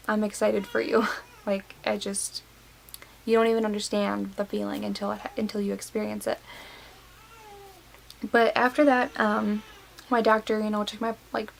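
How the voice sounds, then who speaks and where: A young woman of nineteen talks casually to her camera in a gravelly, fry-laden voice, pausing often with fillers. She sounds teary and moved, her pitch sitting a little high but staying fairly flat. A faint hiss runs under the recording. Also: low-quality recording. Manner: emotional, many fillers and likes. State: tearful. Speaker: vlogger. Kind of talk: casual personal story to camera.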